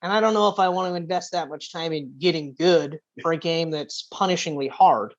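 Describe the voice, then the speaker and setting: A woman co-hosting a podcast, chatting casually about video games, telling animated stories and swearing freely. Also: low-pitched, fairly quick. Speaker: podcast co-host. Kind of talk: casual gaming chat. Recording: muffled lo-fi audio.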